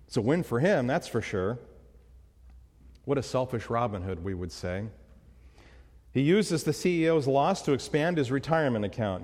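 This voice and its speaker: Guy preaching a sermon, really expressive up and down, emphatic, big echoey church hall. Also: medium pitch. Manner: emphatic, asks rhetorical questions. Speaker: pastor. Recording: long hall reverb.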